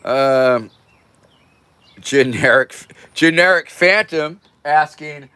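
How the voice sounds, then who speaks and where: A man's voice: fairly low pitch, sing-song, a little slow, a bit bright, dry recording. An older man hosting a casual livestream, rambling loosely and irreverently as he thanks viewers by name. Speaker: livestream host. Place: home, near a porch.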